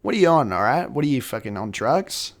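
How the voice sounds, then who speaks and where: A man putting on the voice of an aggressive, foul-mouthed male police officer, shouting mocking threats. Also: medium pitch, big pitch swings, rapid-fire.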